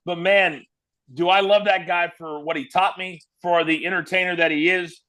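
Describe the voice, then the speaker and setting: In casual interview storytelling, a Kansas native and onetime wrestling broadcaster speaks with a high pitch at normal speed. He's animated, performing the quotes as he goes.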